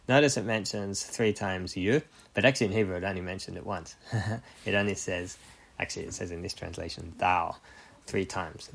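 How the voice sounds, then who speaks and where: Low-voiced man teaching a sermon. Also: steady tone, normal speed, vocal fry. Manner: digressive teaching, many fillers and self-corrections. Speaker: pastor.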